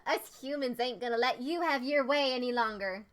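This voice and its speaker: A woman voicing a brash young female fighter with a put-on Australian accent and rough, defiant slang. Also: a little high, fairly quick, lightly acted.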